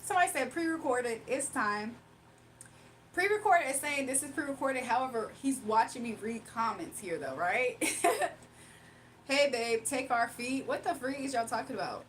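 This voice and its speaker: A woman's voice: on the high side, animated, normal speed, slight background noise. Sassy woman on a livestream. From Virginia, United States. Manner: playful, sassy, laughs often. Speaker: livestream host. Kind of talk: casual livestream chat reading comments.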